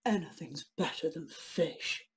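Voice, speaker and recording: A woman voicing a grumpy, hungry male troll who grumbles low and roars at passers-by, in a storybook reading. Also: slow pace, a little hiss or hum. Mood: grumbling. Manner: low gruff grumbling, roars his challenge.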